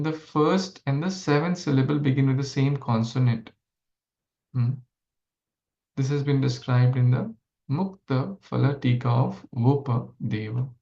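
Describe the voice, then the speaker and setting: A man leading a scripture class, explaining a verse slowly and asking listeners questions. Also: medium pitch, vocal fry, darkish tone. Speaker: Bhagavatam class speaker. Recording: echoey room, dull lo-fi sound.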